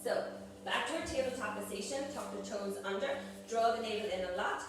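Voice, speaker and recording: A woman's voice: medium pitch, a little fast. A woman yoga teacher guiding a live group class, calling out poses and breaths in an encouraging way. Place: group exercise studio. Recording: echoey room, voice far from mic, background noise.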